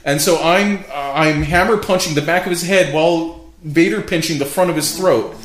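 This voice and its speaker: A man's voice: fairly high pitch, normal speed, a bit bright. A man animatedly telling a story in casual chat, often laughing as he talks. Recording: roomy echo with faint hiss.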